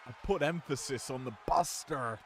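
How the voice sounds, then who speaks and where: A man's voice: moderate pace, creaky, slight background noise. Man doing chatty wrestling play-by-play. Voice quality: slight growl when calling moves. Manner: chatty asides that rise into louder, higher calls on big moves. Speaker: wrestling commentator. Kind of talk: play-by-play commentary on a simulated match.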